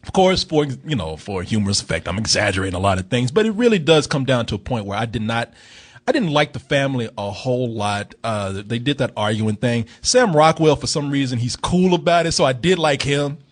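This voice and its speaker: A man hosting a film review podcast, chatting casually, animated and loose with his swearing. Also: medium pitch, fairly quick. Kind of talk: casual chat.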